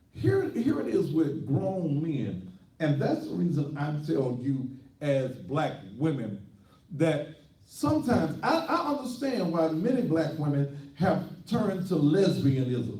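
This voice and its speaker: A man's voice: on the high side, very animated, a little slow, mellow, distant mic. A man who is a pastor hosting a call-in talk show, ranting in a brash, boastful and mocking way. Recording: echoey room, voice from off the mic.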